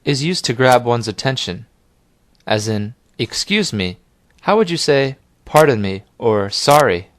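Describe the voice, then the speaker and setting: A man guiding a language lesson in a calm, scripted instructional manner. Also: medium pitch, unhurried, no echo, studio quality. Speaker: language teacher.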